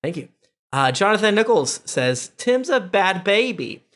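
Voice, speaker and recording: A man's voice: high-pitched, very animated, measured pace, fairly bright tone. A man hosting a podcast, reading listener reviews aloud in a casual way with joking asides. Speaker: podcast host.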